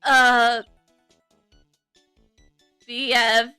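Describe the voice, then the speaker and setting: A woman's voice: on the high side, flat delivery, drawn-out words, pushed and bright, clean tone, no echo, studio quality, soft background music, heavily acted. A woman voicing a flamboyant male French restaurant owner in a mock French accent, gushing and fumbling her words.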